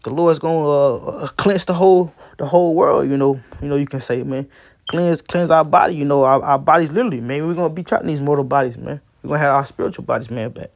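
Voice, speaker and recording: A man giving an informal scripture teaching in street slang, ending nearly every phrase with "man" and reading verses slowly. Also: a little high, vocal fry, no echo, highs cut off. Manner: reads verses slowly and deliberately.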